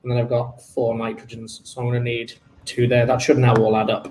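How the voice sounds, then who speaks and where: A man's voice: mid-range voice, normal speed, darkish tone, reverberant. A man working through an exam paper as a chemistry tutor, thinking aloud and talking to himself as he calculates.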